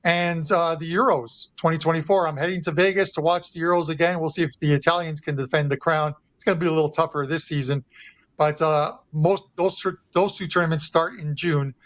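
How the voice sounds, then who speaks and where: A man's voice: on the high side, fairly even intonation, a little fast, a bit bright, no echo. A man appearing as a guest handicapper, talking through his soccer and hockey betting plays in a chatty way. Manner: chatty, with frequent uh fillers and restarts. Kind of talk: sports betting analysis.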